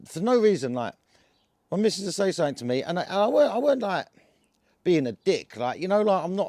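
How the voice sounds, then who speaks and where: A man with an Essex accent and a somewhat high voice rambles through a casual story to camera. He is full of slang and filler and keeps restarting his sentences. The sound is dry and close, with no room echo. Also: darkish tone. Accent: Essex English. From England. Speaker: cannabis vlogger.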